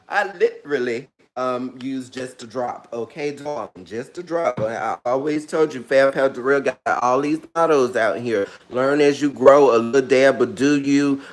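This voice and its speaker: A sassy man chats through a casual how-to vlog on orchid care, full of playful, dramatic asides and calling viewers "girl" and "honey." His voice sits in an everyday middle pitch with an easy, conversational flow.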